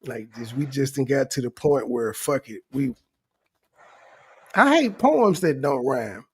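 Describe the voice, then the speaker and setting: A man's voice: medium pitch, lively intonation, unhurried, slightly rough, low-quality recording. A young adult man hosting reaction commentary, joking and mocking with plenty of profanity. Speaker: commentary channel host.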